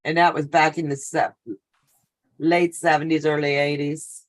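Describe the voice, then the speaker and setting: A woman's voice: low-pitched, level tone, a little slow. Middle-aged woman, host of a live sewing stream; casual, talkative storyteller. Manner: chatty, storytelling, greets viewers by name. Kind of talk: casual chat while sewing.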